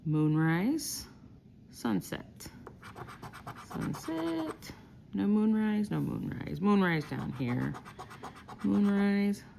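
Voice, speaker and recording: A woman hosting a casual vlog, reading out scratch-off symbols slowly one by one. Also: mid-range voice, animated, vocal fry, warm tone, a little hiss or hum. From Texas. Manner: slow, reads out symbols one by one while scratching. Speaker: lottery scratch-off vlogger.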